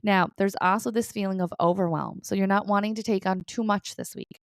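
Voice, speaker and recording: A woman's voice: mid-range voice, steady tone, a little fast, smooth, dry recording. Woman, psychic medium, reassuring, chatty, checks in often, dry close sound. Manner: reassuring, chatty, repeats "okay?" and "right?"; laughs lightly between points. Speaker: psychic medium giving weekly guidance. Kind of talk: casual spiritual guidance talk to viewers.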